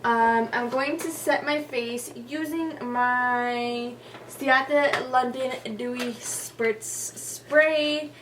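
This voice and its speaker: A woman's voice: fairly high pitch, fairly even intonation, drawn-out words, fairly bright tone, recorded from a distance. Chatty, cussing young woman vlogger. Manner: chatty, profane, lots of "like" and "y'all". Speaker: beauty vlogger. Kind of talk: casual storytelling during a makeup tutorial. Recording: voice a little off-mic with faint noise.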